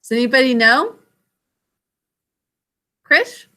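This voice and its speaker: Woman teacher, bright and slightly high voice, patient, spells words out syllable by syllable for the class. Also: very animated. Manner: patient, sounds out syllables slowly and clearly; asks students questions and calls on them by name. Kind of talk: classroom vocabulary and spelling lesson.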